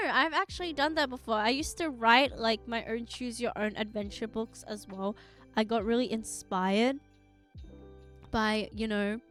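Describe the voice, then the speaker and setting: A woman's voice: on the high side, fairly bright tone. A young woman streaming live, chatting casually to her viewers in a rambling way and giggling often.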